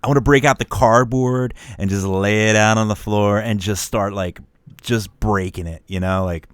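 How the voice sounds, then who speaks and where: A man hosting a radio show, chatting casually in an animated, jokey way and laughing often. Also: lowish voice, normal speed, clean tone, dry recording, clean studio sound.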